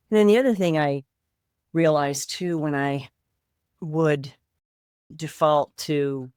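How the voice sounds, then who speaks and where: A woman's voice: low-pitched, a little mellow, clear, resonant tone, dry recording, studio quality. A woman co-hosting a podcast, talking in a reflective, conversational and supportive way in casual chat. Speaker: podcast co-host.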